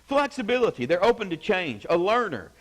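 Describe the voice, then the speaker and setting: A man's voice: high voice, big pitch swings, a little fast, fairly bright tone, rough recording. A middle-aged man, a pastor, teaching a church class in a loose, conversational way, full of fillers and asides. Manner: conversational, rambling, lots of fillers and "you know". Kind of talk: informal teaching talk with anecdotes.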